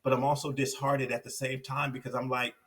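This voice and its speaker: Guy from compton telling his story on a podcast, gets animated and repeats himself, mid pitch, sounds a little far from the mic. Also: fast talker. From Compton, California. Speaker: podcast guest, success coach.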